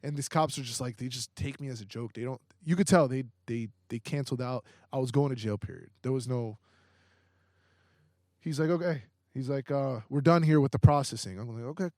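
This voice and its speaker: A young man, a podcast guest, telling a story in a casual, animated way, with heavy swearing and lots of fillers. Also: mid-range voice, fairly quick, dry recording, studio quality.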